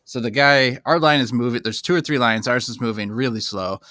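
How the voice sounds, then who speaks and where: A man's voice: fairly quick, no echo, studio quality. A man co-hosting a podcast, casually telling an anecdote and acting out the people in it. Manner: animated storyteller, acts out quoted people in a higher voice. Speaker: podcast co-host. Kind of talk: casual chat, storytelling.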